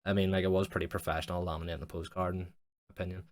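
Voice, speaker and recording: A young man with a deep voice rambles through a story on his podcast. He swears freely and fills nearly every pause with "like". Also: flat delivery. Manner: rambling, sweary, heavy use of "like". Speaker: podcast host. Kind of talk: casual storytelling monologue.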